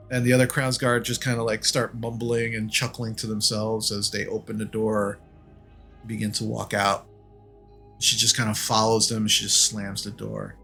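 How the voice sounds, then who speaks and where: A man's voice: on the low side, completely flat delivery, moderate pace, sharp tone, faint music behind. A man narrating a tabletop game as game master in a casual, loose way. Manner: casual, loose, many fillers.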